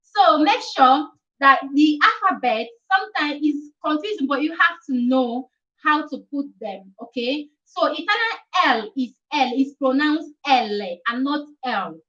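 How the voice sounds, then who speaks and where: A young woman with a high, bright voice talks viewers through a lesson on a live stream. She repeats each point several times and keeps checking in with "okay?". The sound is a little dull and lo-fi, as from a webcam mic. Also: animated, measured pace. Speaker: language teacher hosting a live chat.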